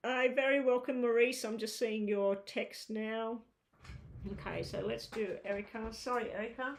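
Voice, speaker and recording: A woman's voice: a little high, fairly even intonation, moderate pace, vocal fry, slight background noise. A woman giving a live tarot reading, chatty and reassuring, thinking aloud as she turns the cards. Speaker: tarot reader.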